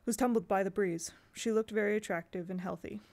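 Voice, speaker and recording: A woman reading a storybook aloud in a steady, measured way. Her voice has a gravelly grain and sits at an ordinary middle pitch. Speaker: audiobook reader. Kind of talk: storybook narration.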